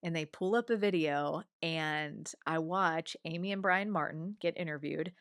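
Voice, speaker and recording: A woman in her forties, appearing as a guest on an interview show, tells a personal story conversationally and animatedly, acting out what other people said. Her deep, smooth voice keeps a measured pace, in a studio-quality recording with no echo.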